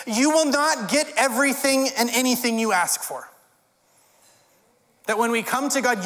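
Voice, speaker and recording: A man's voice: extremely high pitch, sharp tone. A male pastor preaching a sermon in a conversational way, with wry humorous asides. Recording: long hall reverb.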